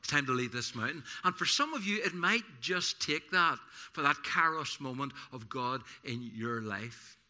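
A man pastor preaching a sermon in a church service, telling personal stories in an animated, self-deprecating way with many restarts. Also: medium pitch, moderate pace, hardly any pauses.

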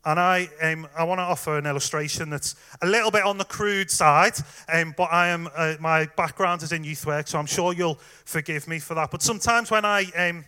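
A man's voice: fairly high pitch, a little fast, hardly any pauses, clear, resonant tone. A man preaching a sermon in a conversational way, speaking straight to the congregation with the odd "um". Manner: conversational, warm direct address with fillers.

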